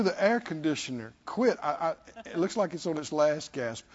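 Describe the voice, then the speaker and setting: A man's voice: a little high, sing-song, brisk, few pauses, darkish tone, husky, lo-fi sound. A man preaching a sermon, repeating phrases and putting questions to his listeners.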